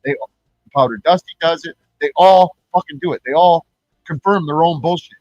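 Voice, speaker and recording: A man's voice: on the high side, moderate pace, darkish tone, dry recording, lo-fi sound. A man ranting on his live stream, profane and rambling, who often restarts his words.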